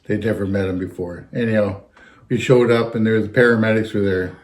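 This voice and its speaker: Man, fairly low pitch, casual storytelling, rambling and anecdotal. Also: steady tone, fairly quick. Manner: rambling, anecdotal, keeps circling back with "anyhow". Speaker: retired fire captain telling stories.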